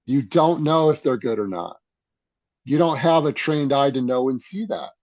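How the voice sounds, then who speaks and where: A man's voice: mid-range voice, expressive, normal speed, no echo. Emphatic lecturing man, dry lo-fi sound. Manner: emphatic, lecturing, repeats points for stress. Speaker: guest, defense coach. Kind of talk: casual podcast conversation.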